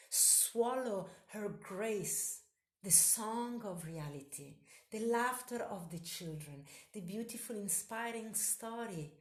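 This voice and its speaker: Slow, echoey woman musing spiritually. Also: medium pitch. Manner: incantatory, repetitive phrasing. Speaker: solo podcast host.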